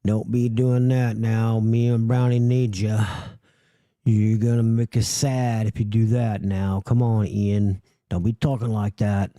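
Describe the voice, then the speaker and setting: A man imitating an old grandfather gently pleading with his grandson. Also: on the low side, level tone, unhurried, no echo, clean studio sound, close to an everyday voice.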